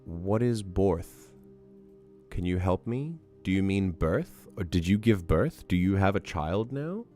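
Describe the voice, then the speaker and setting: A man with a deep, low-pitched voice that has gone hoarse, chatting casually on a livestream. He talks in a playful, teasing, rambling way. Soft music plays quietly in the background. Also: very animated, normal speed, hardly any pauses. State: hoarse, losing his voice. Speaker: livestream host.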